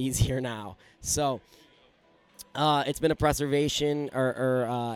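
A man's voice: mid-range voice, clean tone. A man hosting a solo sports podcast, talking candidly and giving his opinions in a conversational way. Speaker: podcast host.

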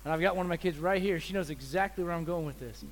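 A visiting preacher, a man giving a sermon in an animated, joking way, acting out little scenes. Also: a little high, quick pace. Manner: animated, joking, acts out voices.

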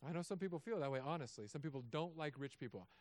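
A man, a pastor, preaching a sermon in a casual joking way, moving between quiet asides and loud emphatic stretches. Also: a little high, lively intonation, quick pace, dry recording. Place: church.

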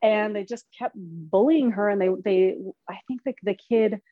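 A woman telling personal stories in casual chat, animated and swearing freely, laughing as she goes. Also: medium pitch, normal speed, dry recording, narrow, tinny audio. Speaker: podcast guest. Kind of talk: casual storytelling.

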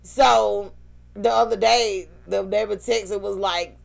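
A woman co-hosting a casual talk show, telling animated stories, laughing often and acting out what people said. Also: medium pitch, takes it slowly, vocal fry. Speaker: podcast co-host. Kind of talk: casual chat.

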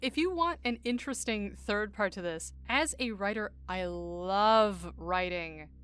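A woman's voice: medium pitch, measured pace, a bit bright, clean tone, no room sound. Young woman host and writer, reflective and casual, mid voice. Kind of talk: casual chat.

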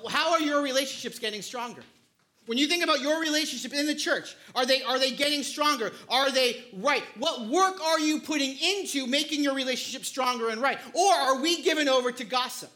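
Male pastor in his thirties, bright voice, animated storytelling sermon. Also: extremely high pitch. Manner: animated, acts out family scenes, repeats words.

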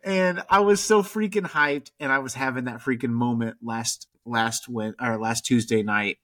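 A man in his thirties hosting a fan podcast, chatting excitedly and casually. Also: medium pitch, moderate pace. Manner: excitable, says freaking a lot. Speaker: podcast host.

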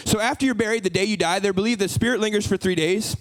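A man preaching a sermon in a very high voice. He is animated and keeps slipping into acted-out dialogue. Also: fast, low-quality recording. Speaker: pastor.

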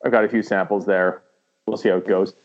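A man's voice: deep voice, fairly even intonation, quick pace. Rambling man on a dull lo-fi recording. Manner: rambling, with many fillers and restarts, slipping into impressions. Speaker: podcast guest, aspiring voice actor. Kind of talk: casual chat.

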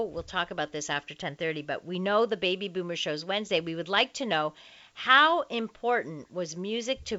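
A woman with a lowish, forceful, bright-edged voice hosts a late-night radio talk show from a studio. She reads listener letters aloud in a chatty, unpolished way, full of ums and uhs. The sound is a dull, lo-fi radio broadcast. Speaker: radio call-in show host.

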